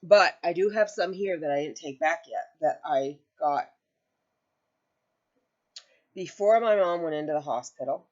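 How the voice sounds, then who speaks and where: Talking casually from home to her crochet channel, a woman rambles, corrects herself, and at moments nearly cries. She speaks in a low, darkish voice, a little slowly with long pauses, and the recording is muffled.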